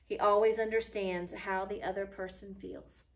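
A woman's voice: medium pitch, level tone, normal speed, close to an everyday voice. A woman reading as a firm pioneer mother. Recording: voice a little far from the mic.

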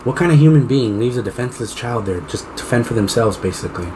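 A man co-hosting a casual podcast, telling stories in a profane, animated way. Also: medium pitch, fast talker, background noise. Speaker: podcast co-host.

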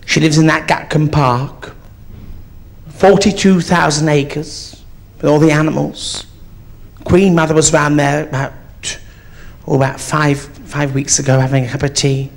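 A man's voice: fairly high pitch, creaky. A man doing a camp, bawdy old granny. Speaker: drag comedian. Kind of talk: live stand-up comedy in character. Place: theatre stage before an audience.

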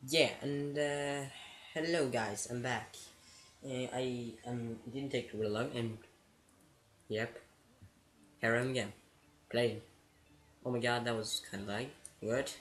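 Casual gamer guy narrating his play, excitable and giggly, slow unhurried delivery. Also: mid-range voice. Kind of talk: casual gameplay commentary.

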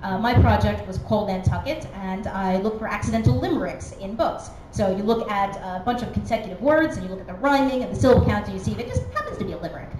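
A woman's voice: mid-range voice, lively intonation, fast, hardly any pauses, music in the background. A woman giving a conference talk, chatty and self-deprecating, with many fillers. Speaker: conference speaker. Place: conference hall. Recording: echoey hall with background noise.

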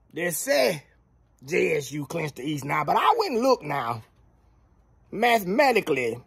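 A man's voice: fairly high pitch, husky, dry recording, studio quality. A man giving a casual football recap, drawling and playfully trash-talking. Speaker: sports commentator vlogger.

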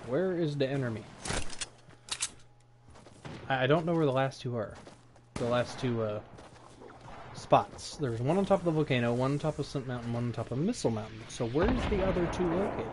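A man's voice: mid-range voice, lively intonation, moderate pace, pauses often, noisy background. A man streaming live gameplay, chatting and playfully taunting opponents as he plays. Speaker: game streamer. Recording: game gunfire behind voice. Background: game gunfire and effects.

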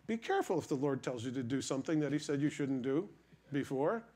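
Animated storytelling male preacher. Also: medium pitch, fast talker. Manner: storytelling, animated, addresses congregation. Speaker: pastor. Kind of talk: sermon.

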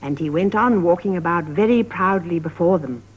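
A woman narrating a story for young children in a measured, sing-song 1950s television style. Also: on the low side, breathy edge. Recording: dull lo-fi 1950s television recording.

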